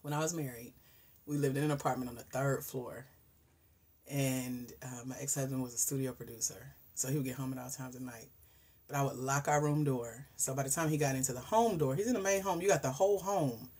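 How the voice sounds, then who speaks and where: A woman, hosting a casual livestream chat, animated and talkative, dropping into hushed asides and rising into loud exclamations. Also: very deep voice, brisk, breathy edge. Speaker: host.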